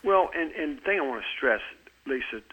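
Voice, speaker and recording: A man's voice: a little high, animated, brisk, narrow, tinny audio, a little hiss or hum. A man in his seventies, an author talking about fitness in an interview, earnest, often repeating a word as he starts a sentence. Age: 70s. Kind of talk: conversational interview.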